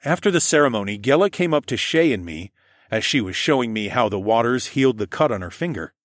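A man narrating a first-person fantasy romance audiobook in an expressive storytelling manner. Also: lowish voice, dry recording, studio quality.

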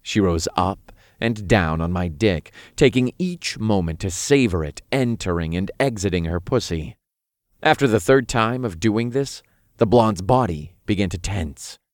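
A man reading a first-person story as narrator in an even, unhurried way. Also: fairly low pitch, no echo, clean studio sound.

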